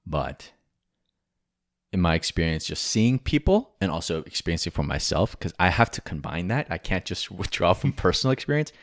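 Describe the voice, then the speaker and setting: Deep-voiced man in casual podcast banter. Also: very animated, moderate pace, dry recording, clean studio sound. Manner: rambling, frank, swears freely, jokey. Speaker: podcast co-host.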